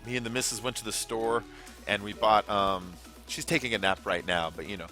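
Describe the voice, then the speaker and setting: A man's voice: lowish voice, brisk, bright, forceful tone, soft background music. A young man hosting a casual gaming livestream, rambling, swearing freely and answering chat as he plays.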